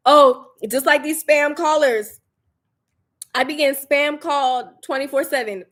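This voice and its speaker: Chatty, animated young woman, higher voice. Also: slow pace. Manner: candid and animated, laughs often, swears casually. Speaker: spiritual lifestyle creator. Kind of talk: casual livestream chat.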